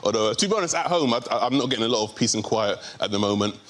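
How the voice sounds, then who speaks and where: A man's voice: fairly low pitch, lively intonation, racing, a bit bright. A young man from England, doing a chatty stand-up routine with hesitant fillers. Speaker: comedian.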